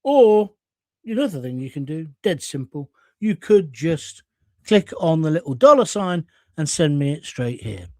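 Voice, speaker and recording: Blunt, outspoken English man, higher voice. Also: big pitch swings, unhurried, warm tone, no echo, studio quality. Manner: blunt, combative, chatty, swears freely. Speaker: host of a live stream reading viewer comments. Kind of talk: casual live-stream chat.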